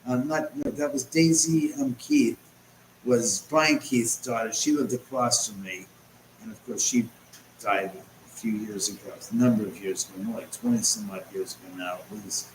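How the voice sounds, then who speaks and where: A man hosting a live stream from his home, chatting and rambling as he answers viewers' comments out loud. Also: on the low side, normal speed. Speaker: host. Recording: roomy echo, faint background noise.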